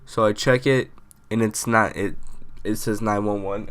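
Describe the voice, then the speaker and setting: Young male vlogger, low smooth voice, rambling storyteller. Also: fairly even intonation, normal speed, fairly bright tone. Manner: rambling, filler-heavy storytelling. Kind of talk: casual storytime.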